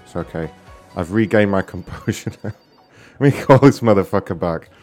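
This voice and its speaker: A man with a low voice makes prank calls, brash and profane, and often breaks into laughter. Faint music plays behind him. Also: lively intonation, moderate pace, darkish tone. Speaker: prank caller. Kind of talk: prank call show banter.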